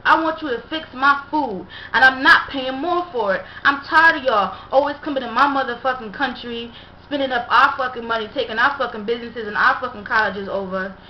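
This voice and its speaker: A woman voicing a furious, foul-mouthed woman customer who talks slowly and aggressively. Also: high-pitched, slight background noise, natural voice. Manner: slow, cursing, aggressive. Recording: dull echoey room recording.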